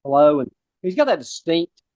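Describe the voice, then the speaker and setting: A man's voice: fairly high pitch, sing-song, normal speed, a little mellow, no echo, highs cut off. A man in his forties hosting a casual interview, telling a rambling personal story. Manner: rambling, many fillers and restarts. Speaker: host.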